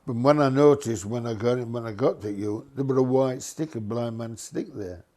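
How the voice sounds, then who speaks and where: A retired bus driver, an older man, tells a reminiscing anecdote in a mellow, easygoing middle pitch at a moderate pace. He chuckles here and there and puts on voices for the people he quotes.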